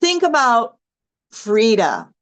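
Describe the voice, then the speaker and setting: An enthusiastic woman with a somewhat high voice leads a motivational team call. She talks in a chatty, gushing way over a video-call mic, and her voice is a little hoarse. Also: huge pitch swings, slow, fairly bright tone, low-quality recording. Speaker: team leader.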